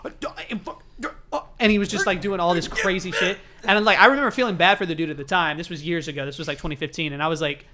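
A man talking quickly in a loose podcast chat, with a slightly high, bright voice. He is eager and swears freely. He piles his words on fast. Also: steady tone, a little hiss or hum. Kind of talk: casual late-night chat.

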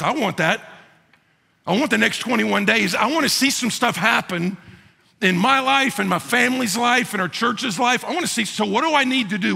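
A man preaching a sermon as pastor, animated, with joking asides and mock voices for the figures he quotes. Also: high-pitched, gravelly, breathy edge. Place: church sanctuary. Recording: reverberant church sanctuary.

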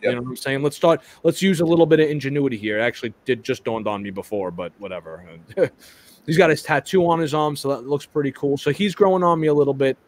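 A man's voice: medium pitch, animated, quick pace. A man hosting a live toy chat stream, talking casually with lots of restarts and stumbles and some casual swearing.

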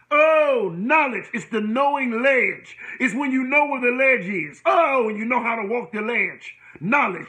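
A male preacher with a very high, sharply bright voice delivers an impassioned sermon. He preaches in a rolling call-and-response cadence, rising into exclamations. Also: poor audio. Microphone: livestream.

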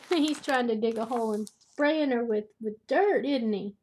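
An older woman, reading a children's picture book aloud as a grandmother, gently chatting and asking the listeners questions. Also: a little high, measured pace. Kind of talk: storybook read-aloud for children.

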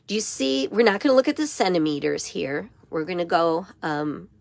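A hoarse woman with a raspy voice giving a step-by-step papercraft tutorial in her craft studio. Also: fairly low pitch, animated, moderate pace, dry recording. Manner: step-by-step instruction with frequent okays. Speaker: papercraft demonstrator.

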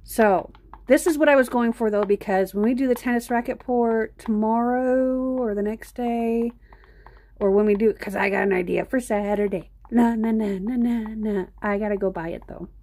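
Mellow-voiced chatty woman streaming live. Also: a little high, normal speed. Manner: rambling, chatty, talks straight to viewers. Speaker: art live-stream host. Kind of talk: casual live-stream chat.

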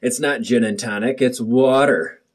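A young man with a mid-range voice and a breathy edge speaks at a measured pace. He's vlogging in his home bathroom, rambling nervously and joking with the camera in casual chat. It's recorded on a muffled built-in camera mic.

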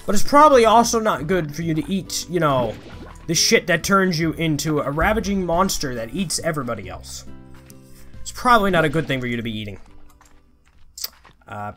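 Brief: young male gaming YouTuber, playful commentary, animated and slightly high delivery, faint music underneath. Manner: playful, chatty, talks to the game creatures, mild swearing. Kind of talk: casual let's-play commentary.

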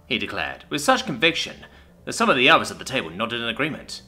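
A man narrating a science fiction story in an expressive, scripted storytelling manner. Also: mid-range voice, fast.

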